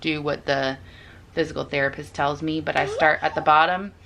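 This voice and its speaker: A woman's voice: low-pitched, little pitch movement, normal speed, vocal fry, a loud crowd. A young woman, a mother, chatting casually in a home vlog and explaining each step as she does it. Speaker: vlogger and mother. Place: home bedroom.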